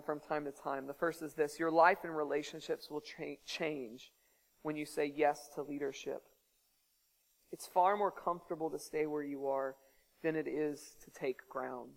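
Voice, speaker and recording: An earnest preacher delivering a sermon at an ordinary, mid-range pitch. Scripture passages are read aloud with dramatic emphasis, and the talk slides into casual, conversational asides between them. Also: fairly bright tone, big-room sound, rough recording.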